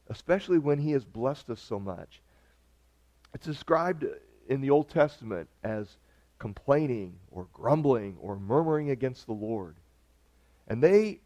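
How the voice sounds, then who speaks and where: A man's voice: medium pitch, warm tone. A man pastor preaching an earnest, conversational sermon. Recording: dull lo-fi recording.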